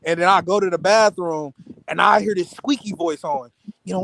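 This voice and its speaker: A man with a very high voice, and his sound is bone-dry and close. He tells long, profane trash-talk stories on a livestream panel, animated and bursting into impressions of other people. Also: moderate pace, vocal fry, no echo, poor audio.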